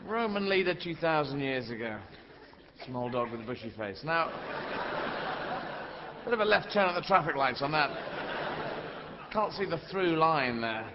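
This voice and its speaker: A middle-aged man performing a rambling stand-up comedy routine on a theatre stage, switching into shouted character voices. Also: fairly high pitch, normal speed, pauses often. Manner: rambling, animated, puts on shouting old-lady voices. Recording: live hall recording, dull sound, audience noise. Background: audience laughter.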